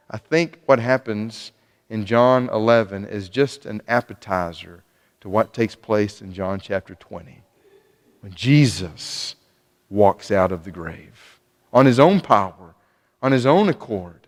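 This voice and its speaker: A man's voice: on the low side, animated, slow. A man preaching a sermon in a church, earnest, often restarting and repeating words as he speaks. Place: church sanctuary. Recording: long church reverb.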